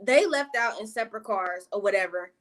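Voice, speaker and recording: A woman vlogger telling a casual storytime, profane and exasperated, with slangy asides and quick greetings to her viewers. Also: medium pitch, fairly bright tone.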